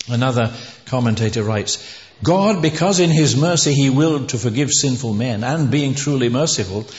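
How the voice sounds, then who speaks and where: Man preaching in an echoey hall. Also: mid-range voice. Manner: earnest, emphatic preaching that swells on key words. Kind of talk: sermon. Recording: dull, echoey hall recording.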